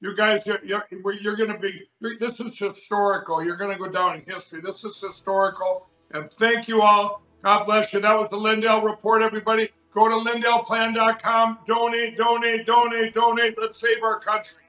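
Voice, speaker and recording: A man's voice: high-pitched, little pitch movement, bright, forceful tone. A man hosting a show, making urgent, repetitive appeals to act and to donate. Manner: rapid, repetitive, fired-up appeals. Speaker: show host. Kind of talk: urgent call to action. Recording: echoey, dull lo-fi sound.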